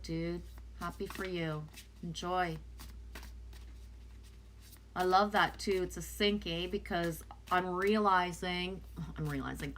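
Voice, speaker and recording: Brief: casual card-reading streamer, woman, native French speaker, slightly low voice, loose and chatty. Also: bright, forceful tone, a little hiss or hum. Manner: chatty, loose, talks back to viewers' comments. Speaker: oracle card reader.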